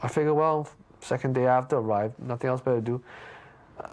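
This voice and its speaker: A man being interviewed, casually telling a story with lots of restarts and stammers, jumping up in pitch when he acts out what people said. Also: fairly quick. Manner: lively anecdote with frequent restarts and stammers; acts out quoted lines with big pitch jumps.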